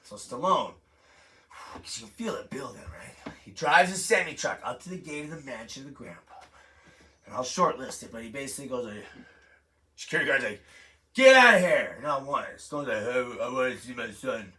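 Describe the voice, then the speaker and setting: A man's voice: mid-range voice, expressive, a little fast, bright, forceful tone. A man performing a stand-up comedy set in a living room, retelling a story in a profane, rambling way full of asides. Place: living room with a home-built stage.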